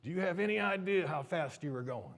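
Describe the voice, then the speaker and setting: A man playing a stern, heavyset highway trooper who barks at a young driver. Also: animated, fairly quick. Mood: stern, yelling. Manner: barking, loud and stern.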